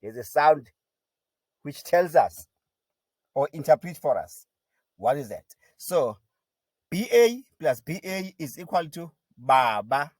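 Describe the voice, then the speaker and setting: Slow, deliberate man teaching syllables. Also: on the high side, sing-song, no room sound. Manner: repeats syllables slowly and deliberately. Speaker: language teacher. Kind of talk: slow syllable-by-syllable pronunciation lesson.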